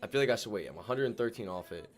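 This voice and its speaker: A man streaming his day trading live, slangy and excitable, swinging between calm muttering and loud whoops as he talks to his viewers. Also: fairly low pitch, racing. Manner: slangy, keeps addressing viewers as ladies and gentlemen.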